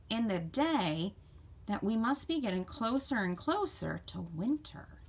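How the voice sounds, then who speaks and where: Expressive teacher reading a picture book. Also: female voice, mid-range voice. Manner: expressive, asks children questions. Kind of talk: picture-book read-aloud for children. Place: home.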